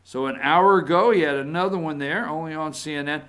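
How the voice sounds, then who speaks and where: A man's voice: fairly high pitch, a little fast. A man with a Southern US accent hosting a casual political talk show, reading posts aloud in a folksy, sarcastic way. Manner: folksy, sarcastic, animated when reading quotes. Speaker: political commentary host.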